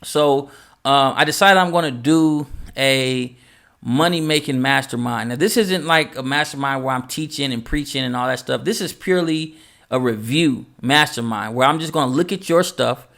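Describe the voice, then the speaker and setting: A man's voice: mid-range voice, normal speed, creaky. A man, a music producer who coaches other producers, talking casually and with energy and acting out quoted advice. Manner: animated, acts out quoted dialogue, repeats phrases. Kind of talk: casual motivational talk to camera.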